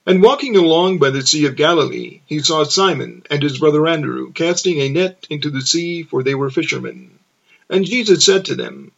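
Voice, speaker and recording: A man reading scripture aloud as narration, slow and measured. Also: a little high, gravelly, fairly bright tone, muffled recording. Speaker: scripture reader.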